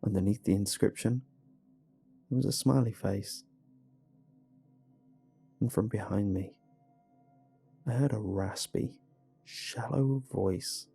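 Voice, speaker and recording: A man narrating a first-person horror story in a measured, hushed way. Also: lowish voice, creaky, husky. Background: faint music.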